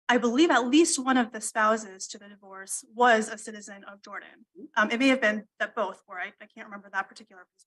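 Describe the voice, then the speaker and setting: Female attorney, formal appellate argument, measured and deferential, slightly higher voice, courtroom livestream. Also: fairly bright tone, low-quality recording. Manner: measured, deferential, with frequent ums. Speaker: attorney arguing appeal.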